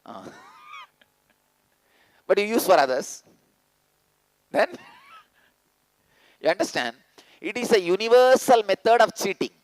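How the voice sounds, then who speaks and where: A man giving an insistent spiritual discourse to an audience, mimicking people's excuses in a low mocking voice. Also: big pitch swings, slow pace, long pauses, low-quality recording. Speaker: spiritual teacher. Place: indoor teaching hall.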